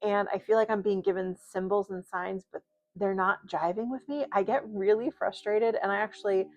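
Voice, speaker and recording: A woman talks through a tarot reading in a loose, chatty way, drifting into asides and fillers. Her voice has a gravelly, creaky edge and sits at an ordinary pitch for a woman. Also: steady tone, moderate pace, darkish tone. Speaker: tarot reader. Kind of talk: casual spoken tarot reading.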